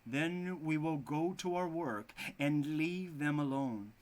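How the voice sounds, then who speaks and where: A man voicing a cold, scheming stepmother in a storybook reading, loud and scolding. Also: low voice, slow.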